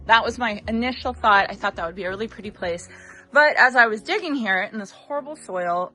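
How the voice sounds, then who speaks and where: A woman's voice: a little high, animated, normal speed, sharp tone. A woman hosting a casual gardening vlog outdoors, chatty and a little out of breath from digging. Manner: chatty, thinks aloud with fillers. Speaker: gardening channel host.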